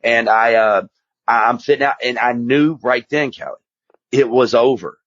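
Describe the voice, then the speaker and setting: A guest who is an addiction specialist and author tells his story in a casual storytelling interview, candid, rambling and emphatic. His mid-range voice is a bit bright at normal speed. The recording is dry and slightly muffled.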